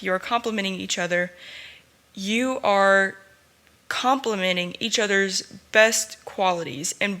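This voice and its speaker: A woman's voice: medium pitch, sharp tone. A young woman hosting a solo podcast, talking in an earnest, heartfelt, unscripted way. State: tearful at times. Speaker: podcast host. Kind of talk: candid solo podcast talk.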